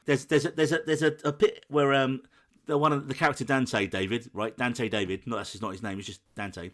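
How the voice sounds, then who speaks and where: A man co-hosting a film podcast, telling a scene with lively, acted-out quotes. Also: medium pitch, fairly quick. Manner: animated storytelling, acts out quoted lines. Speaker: podcast co-host. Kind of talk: casual film chat.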